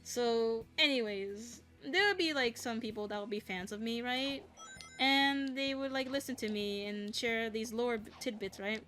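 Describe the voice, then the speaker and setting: A woman's voice: a little high, unhurried, a bit bright. Chatty woman venting, music faint behind. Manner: chatty, venting, swears freely. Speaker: content creator. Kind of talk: casual rambling monologue.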